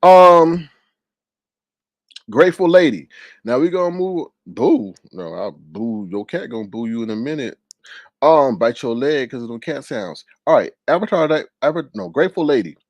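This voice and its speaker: At a moderate pace and in a dry recording, a man hosts a live stream, chatting casually and telling stories. He's animated, jumping into high, exaggerated voices when quoting people, and he reads viewer comments aloud to tease the people who wrote them.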